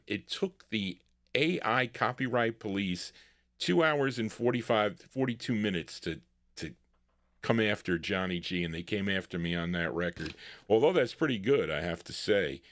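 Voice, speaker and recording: A man's voice: on the low side, no echo, studio quality. A man hosting a live oldies record show, rambling between songs with many fillers and self-interruptions. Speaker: radio-style show host and DJ.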